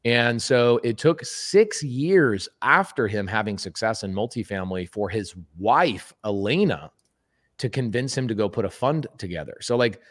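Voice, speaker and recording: Emphatic low-voiced man on a podcast. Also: moderate pace. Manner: emphatic, animated storyteller who acts out quoted speech; plain-spoken, repeats words for emphasis. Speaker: podcast guest. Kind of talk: casual podcast conversation.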